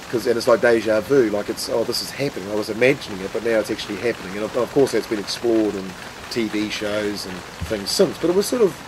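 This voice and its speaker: A man's voice: fairly low pitch, rough recording. A middle-aged man with a New Zealand accent, telling rambling, self-mocking stories about his past. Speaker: storyteller of his own acting past. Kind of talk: casual anecdotal storytelling. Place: outdoors in the rain. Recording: steady rain noise behind.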